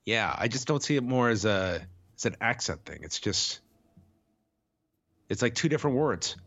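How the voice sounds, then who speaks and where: A man co-hosting a casual chat podcast while sick, talking in a measured, thoughtful way. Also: mid-range voice, expressive, a bit bright, no echo, lo-fi sound. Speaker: podcast co-host.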